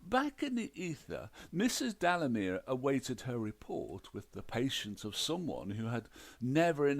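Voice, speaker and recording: Creaky, unhurried male narrator. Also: mid-range voice, big pitch swings. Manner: measured, dry storytelling. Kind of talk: scripted narration.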